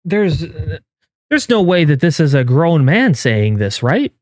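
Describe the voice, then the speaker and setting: A man streaming live, reacting in casual commentary with incredulous, swearing outbursts that jump up in pitch. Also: very animated, a little slow, dry recording, clean studio sound. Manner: incredulous, swearing, rising to yelps of disbelief. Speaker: game streamer and YouTuber.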